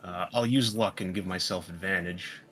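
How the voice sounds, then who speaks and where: A man's voice: low-pitched, normal speed, a bit bright. A man playing a tabletop game, chatting casually and thinking aloud. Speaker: player. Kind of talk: casual chat.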